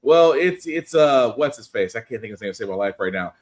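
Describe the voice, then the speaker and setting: A man's voice: mid-range voice, expressive, fast. A man co-hosting a podcast, chatting casually about comics and laughing easily, often restarting his sentences. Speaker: podcast co-host. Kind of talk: casual comic-book review chat.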